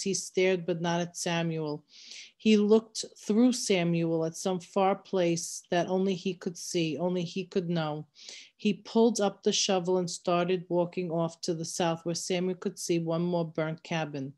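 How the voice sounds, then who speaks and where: A woman reads a novel aloud in a fairly low voice. Her narration is steady and measured, carrying the story along evenly.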